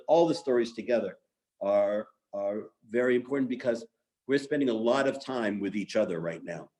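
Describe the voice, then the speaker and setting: A man's voice: medium pitch, mellow. A man teaching a lesson on Talmud stories in a conversational way, with filler words and restarts.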